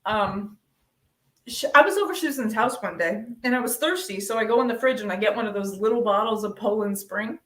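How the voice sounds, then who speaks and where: A young woman doing a deadpan stand-up set over a video call, with many ums. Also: mid-range voice, fairly quick. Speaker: stand-up comedian. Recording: echoey room, distant from mic.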